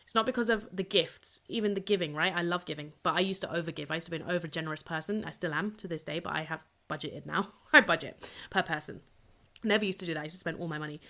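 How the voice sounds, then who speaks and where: Bright, blunt woman podcasting solo. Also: mid-range voice. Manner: blunt, swears freely, energetic and chatty. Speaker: podcast host and purpose coach.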